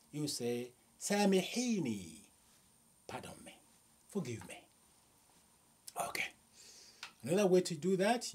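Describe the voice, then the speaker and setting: A husky, slightly breathy man teaching a vocabulary lesson. His pitch rises and falls in a lively way as he patiently repeats each phrase, with unhurried pauses in between. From Nigeria. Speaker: language teacher.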